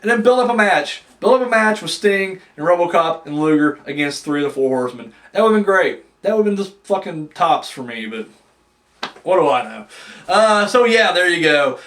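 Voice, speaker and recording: A man's voice: high voice, expressive, moderate pace, a bit bright. A man giving a casual, profane video review of a wrestling match, ranting with frequent restarts.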